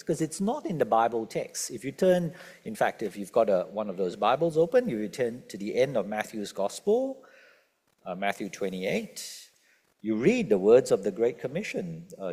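A man preaching a sermon, asking the congregation questions and stressing key words. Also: on the low side. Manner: lively, questioning the congregation, emphatic quotes. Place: church.

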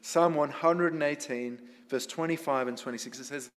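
A man's voice: a little high, normal speed, few pauses. A man preaching a sermon to a congregation in a conversational way, often asking them questions. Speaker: pastor. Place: church hall with congregation. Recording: long hall reverb.

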